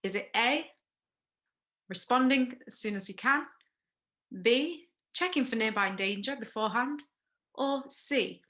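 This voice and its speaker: A woman leads a recorded first aid workshop, walking through each step, stopping to ask questions, and checking in with frequent okays. Her voice is fairly high, a bit bright, with lively intonation.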